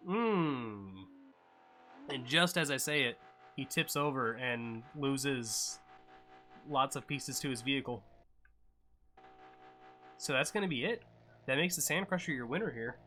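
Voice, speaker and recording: A man casually commentating a live-streamed racing game, chatty and offhand with sudden excited yelps at crashes. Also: mid-range voice, a little slow, pauses often, a little hiss or hum.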